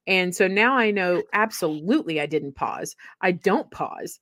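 A woman's voice: fairly low pitch, moderate pace, few pauses, no echo, studio quality. A middle-aged woman co-hosting a faith podcast, chatting animatedly and laughing often. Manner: animated, laughs often, acts out quoted voices. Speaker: podcast co-host. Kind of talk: casual chat.

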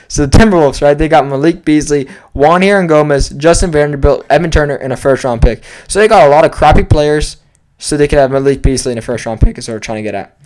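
A man's voice: a little high, a little fast, darkish tone. A young man hosting a solo sports podcast, talking casually and rambling into asides as he breaks down trades. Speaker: podcast host.

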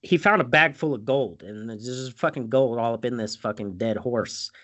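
A man's voice: mid-range voice, moderate pace, sharp tone. A man hosting a podcast, recapping a film in casual, profane chat and acting out the characters' lines. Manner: swears freely, acts out characters' lines.

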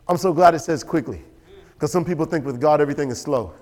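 A man preaching a sermon as pastor, animated and storytelling. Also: a little high, fast. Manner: animated, storytelling with quoted voices and laughter. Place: church sanctuary. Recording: church hall with long reverb.

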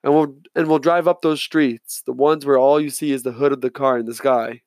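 A man voicing a young boy in an audiobook, a gentle, hopeful child who turns frightened and pleading. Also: medium pitch, steady tone, a little fast, no room sound, natural voice. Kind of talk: audiobook character voice.

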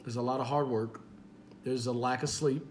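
A young man hosting a relaxed podcast, talking in a loose, rambling way full of fillers and easy laughter. His voice sits at an ordinary, middle pitch. A faint hum of room noise runs underneath. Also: normal speed. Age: young adult. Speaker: podcast host. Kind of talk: casual chat.

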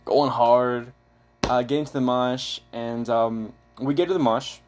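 A young man casually telling a funny story to friends, animated and laughing, acting out quoted lines. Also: medium pitch, measured pace, slight background noise.

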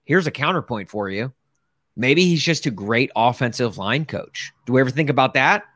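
An excitable man from Tennessee, co-hosting a casual sports podcast, laughing often and talking with lots of "like". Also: mid-range voice, moderate pace, dry recording, studio quality. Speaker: podcast co-host.

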